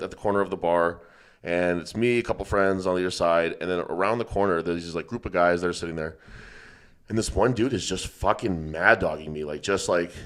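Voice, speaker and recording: Fast-talking, profane male podcast host. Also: low voice. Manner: rambling, profane, laughing storyteller. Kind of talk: casual storytelling chat.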